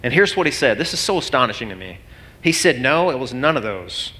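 A man's voice: medium pitch, very animated, brisk, pushed and bright. A man preaching a sermon as pastor, telling a story earnestly and with rising emotion. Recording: long hall reverb.

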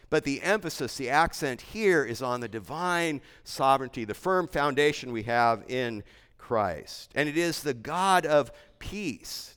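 A man preaching with earnest emphasis, his voice smooth and resonant as it rings through a church sanctuary with a long hall reverb. He builds his points through repetition and steady conviction. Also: medium pitch. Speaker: pastor. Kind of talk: sermon.

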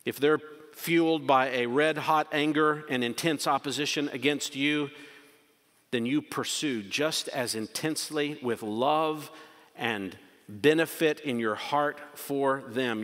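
Pastor, male, forceful bright delivery with passionate swings, church-hall reverb. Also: mid-range voice, a little slow. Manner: impassioned, swings from loud urgent questions to quiet emphasis. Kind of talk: sermon.

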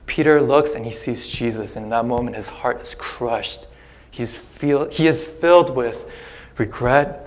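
Man, pastor, sermon, conversational storytelling, casual asides, mid-range voice. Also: medium pitch.

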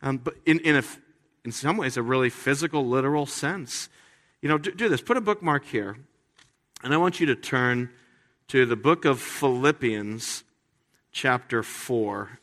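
A man preaching a sermon as a pastor, talking in a conversational way with playful, animated asides. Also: mid-range voice, measured pace, big-room sound.

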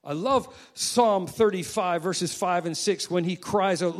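Man, pastor, sermon, slightly high voice, dramatic shifts from hushed to loud. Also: unhurried, few pauses. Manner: dramatic swings from soft asides to loud emphatic quoting.

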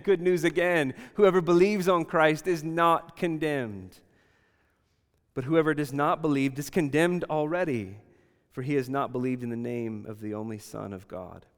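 A man preaching a sermon, animated, acting out quoted voices and dropping from loud to hushed. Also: mid-range voice, long reverb tail. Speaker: pastor.

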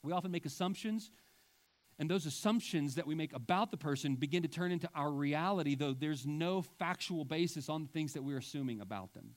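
A man's voice: a little high, fairly quick. A male pastor preaching a sermon with emphatic delivery and wry asides.

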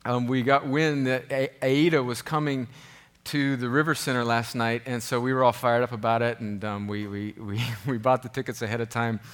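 A middle-aged man leads his congregation in a loose, conversational sermon. He fills his sentences with ums and restarts and pokes fun at himself, at an everyday male pitch. In prayer he grows quiet and earnest. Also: level tone, moderate pace. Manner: conversational, self-deprecating, many fillers and restarts; turns soft and earnest in prayer. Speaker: pastor.

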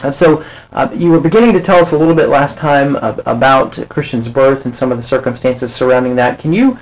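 An interviewer on a faith program, asking questions gently with many pauses and fillers. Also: mid-range voice, poor audio.

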